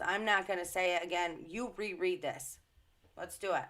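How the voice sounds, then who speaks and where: A woman's voice: lowish voice, lively intonation, normal speed, a bit bright. A woman giving an indignant, emphatic commentary to her followers, swearing freely. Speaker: social media commentator. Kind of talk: casual ranting commentary.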